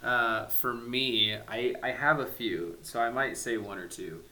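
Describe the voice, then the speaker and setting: A man's voice: medium pitch, unhurried, sharp tone, a little hiss or hum, poor audio. A man hosting a casual podcast chat, leading the discussion and poking fun at himself. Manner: self-deprecating, leads the discussion. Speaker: podcast host.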